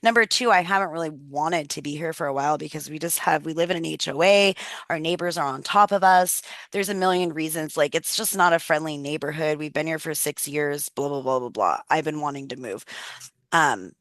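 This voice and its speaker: A woman's voice: sits low, a little fast, a bit bright, dry recording. A woman in her thirties leading a wellness workshop on a video call, telling personal stories in a chatty, candid way and swearing freely.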